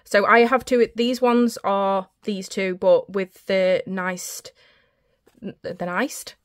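A woman gives a relaxed home library tour for her book vlog, the audio captured by the handheld camera she's carrying. Her medium-pitched voice is level and slow, and she's breathless, talkative and often stumbles.

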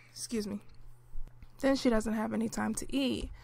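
A woman narrating her life-simulation gameplay in a relaxed, chatty way, with lots of fillers, clearing her throat now and then. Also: a little high, slow, no echo. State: clearing throat, hiccuping and coughing. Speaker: gameplay commentator.

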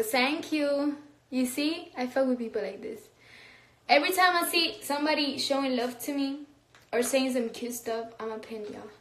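A woman's voice: sits high, normal speed, fairly bright tone, echoey room. A young woman chatting casually on a phone livestream, reading comments, slangy and laughing often. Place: room, recording a phone livestream.

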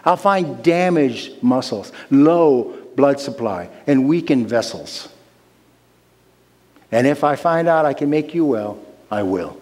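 An arrogant male heart surgeon, put on by a preacher telling a story, speaks in a curt, condescending way. He talks slowly and deliberately. His voice rings with the long reverb of a large hall. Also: medium pitch, expressive, darkish tone.

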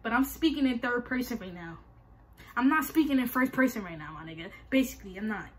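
Slangy husky young woman telling a story. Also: on the high side, fast. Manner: slangy, animated, repeats phrases. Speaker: vlogger. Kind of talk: casual storytime. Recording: faint music behind.

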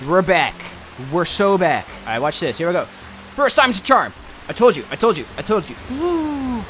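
A young man commentating his own gameplay, excitable and swinging between panic and cocky boasting. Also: high-pitched, moderate pace, faint music behind. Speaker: gaming streamer.

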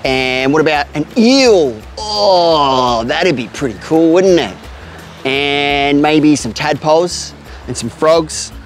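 Animated Australian man hosting for kids. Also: a little high, takes it slowly, soft background music. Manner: upbeat, talks straight to children and a pet bird. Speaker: host of a kids' outdoor show. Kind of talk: kids' outdoor adventure vlog. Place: outdoors by a creek.

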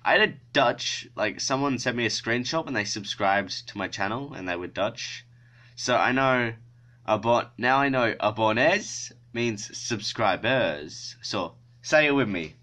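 A man's voice: mid-range voice, animated, measured pace, bright, forceful tone. A male YouTuber in casual vlog chat, self-mocking and swearing freely.

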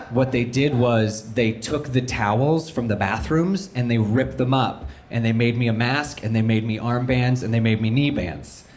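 Animated man telling a story on stage. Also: medium pitch, slight background noise. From Canada. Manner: animated, voice jumps up when excited. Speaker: stand-up comedian telling a story. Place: live comedy venue with audience.

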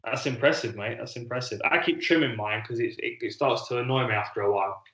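A man chats casually on a podcast, drifting from point to point and stumbling over repeated words as he gathers his thoughts. His voice sits at a middle pitch and rings around a roomy, echoey space. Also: quick pace, very noisy. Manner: relaxed, rambling, repeats words while thinking. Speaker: podcast co-host, former fighter. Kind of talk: casual chat. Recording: echoey room.

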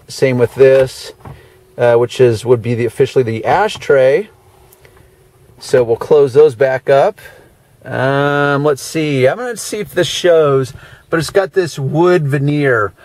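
A man's voice: mid-range voice, a little mellow, dry recording. A man giving a casual, chatty walkaround of a luxury car as a car detailer, with dry sarcastic asides. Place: in and around a parked car.

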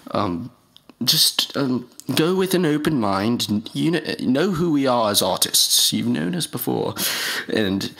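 A man in a comedy skit, making a mock-solemn announcement as a self-serious rapper, halting and rambling with many fillers and restarts. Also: medium pitch, expressive, creaky, fairly bright tone, slightly rough.

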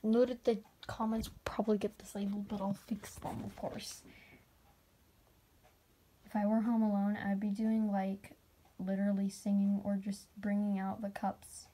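A woman's voice: medium pitch, little pitch movement, moderate pace, warm tone. A woman vlogging in a rambling, self-mocking way, often dropping to a whisper and slipping into silly put-on accents. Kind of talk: rambling casual vlog chat.

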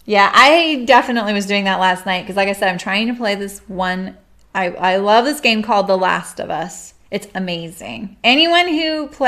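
A woman's voice: mid-range voice, fairly bright tone. A middle-aged woman chatting casually with viewers of her live stream while she sews, rambling and laughing often.

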